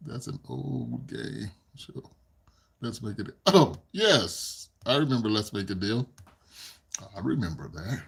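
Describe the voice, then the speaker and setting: A slow, unhurried man with a husky edge hosts a relaxed live stream, answering viewer comments as they come in. He rambles, repeats himself, and chuckles between thoughts, and his pitch moves around a lot. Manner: laughs often, chuckling asides while reading comments. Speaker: channel host reading live chat. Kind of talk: casual live-stream chat.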